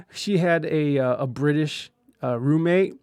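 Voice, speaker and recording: A man's voice: on the high side, takes it slowly, darkish tone, no echo, studio quality. A man hosting a podcast, casually telling a candid personal story with frequent swearing and laughter. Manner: candid, profane, laughs often through the story. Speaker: podcast host.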